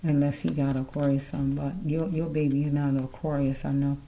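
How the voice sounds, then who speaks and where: A woman's voice: deep voice, level tone, a little fast, warm tone, rough recording. A woman giving a casual tarot card reading, rambling and musing aloud as she speaks straight to the listener.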